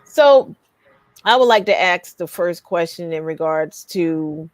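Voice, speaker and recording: A woman's voice: lowish voice, expressive, slow pace, dry recording. A woman hosting a radio interview, asking winding, searching questions. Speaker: interview host.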